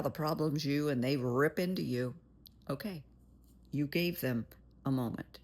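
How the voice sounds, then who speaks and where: Gravelly, husky woman therapist. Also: deep voice. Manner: blunt, plain-spoken, calls listener honey. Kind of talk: motivational monologue.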